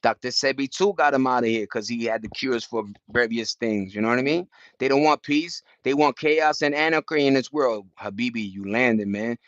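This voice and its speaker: A man's voice: medium pitch, moderate pace, fairly bright tone, dry recording. A young man hosting a casual chat, rambling in slang with many restarts. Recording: dull dry lo-fi sound.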